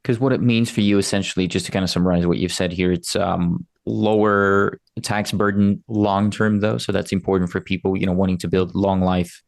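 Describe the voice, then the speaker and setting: Gravelly low-voiced interview host. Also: male voice, fairly even intonation, a little fast, few pauses, no room sound. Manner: casual, summarizing for listeners. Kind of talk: business interview questions.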